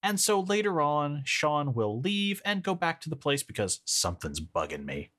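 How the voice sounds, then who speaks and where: Male podcast co-host, expressive and dry-witted, recapping a film. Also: a little high, moderate pace. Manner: lively, sardonic, laughs often. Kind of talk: casual movie-recap chat.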